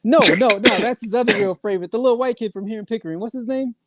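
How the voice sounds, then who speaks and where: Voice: mid-range voice, racing, crowd noise. A podcast co-host from Canada, telling stories in slangy, profane casual chat and repeating "bro".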